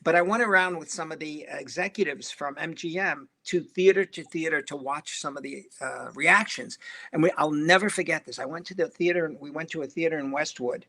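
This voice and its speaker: A man's voice: a little high, fairly quick. An older man, a film director, telling anecdotes in an interview and acting out the voices of people in his stories. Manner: animated storyteller who acts out quoted voices.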